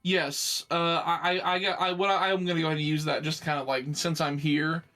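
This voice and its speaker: A man talking as a player in a tabletop game, halting and full of fillers and restarts. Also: on the high side, little pitch movement, sharp tone, soft background music. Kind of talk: casual tabletop game chat.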